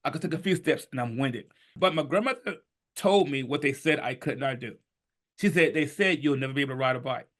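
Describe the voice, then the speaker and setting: A man in his fifties telling his life story on a podcast, animated and emphatic, sometimes rising to a shout. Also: medium pitch, a little fast. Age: 50s. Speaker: podcast guest. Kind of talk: storytelling in conversation.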